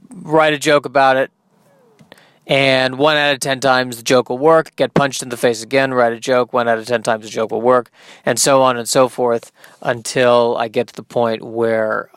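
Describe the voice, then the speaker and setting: A man's voice: mid-range voice, a bit bright, smooth, dry recording, clean studio sound. A man hosting his own podcast, delivering a rambling, self-deprecating comedic monologue.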